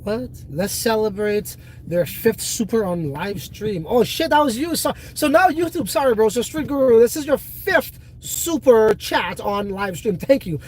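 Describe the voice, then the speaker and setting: A man's voice: sits high, animated, unhurried, hardly any pauses, a little mellow, a little hiss or hum, rough recording. Blunt, profane man ranting on a livestream. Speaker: livestream host. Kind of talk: casual livestream chat.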